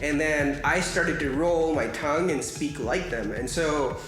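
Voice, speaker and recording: A man with an Indian English accent talks easygoing and explanatory in an interview. His voice sits a little high for a man, in a roomy, echoing space with music underneath. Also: unhurried. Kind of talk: casual interview answers.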